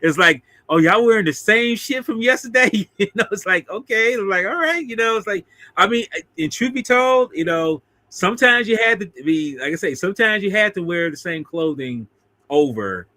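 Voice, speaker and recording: This man's voice is high, bright and pushed, moving at a normal speed with animated delivery and no echo. He's co-hosting a film discussion video, chatting casually through an old monster film's plot, frequently laughing and mimicking characters in put-on voices.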